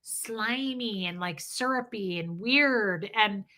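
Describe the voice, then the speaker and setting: Speaking slowly in a bright, forceful, medium-pitched voice, a middle-aged woman runs a casual livestream. She's blunt and swears freely as she reads out viewer comments.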